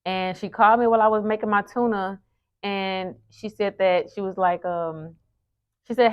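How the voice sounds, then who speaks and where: A woman's voice: mid-range voice, steady tone, moderate pace, clean tone. A woman in her thirties, a lifestyle vlogger, telling a story to the camera earnestly, restarting her sentences as she goes. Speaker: lifestyle vlogger and event host. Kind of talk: casual talk to camera. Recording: muffled lo-fi sound.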